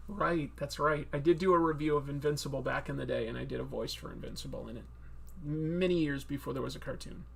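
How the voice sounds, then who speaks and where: A man's voice: mid-range voice, fast talker, gravelly, a bit bright, slightly rough. A man hosting a casual live-stream Q&A about comics, chatty and rambling with many fillers. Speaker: comic book video host.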